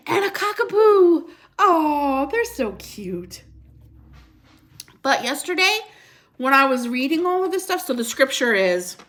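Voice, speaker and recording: A woman's voice: medium pitch, fairly bright tone. Chatty middle-aged woman hosting a livestream. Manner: chatty, reads viewer comments and scripture aloud; unsure on pronunciations, repeats herself. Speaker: livestream host. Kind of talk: casual livestream devotional chat.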